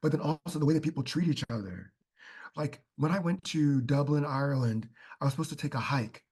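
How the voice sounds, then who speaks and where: A man's voice: fairly high pitch, fairly quick, darkish tone, slightly rough. A man, a podcast guest, chatting casually and telling heartfelt stories full of fillers. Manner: heartfelt storytelling, many fillers like "like".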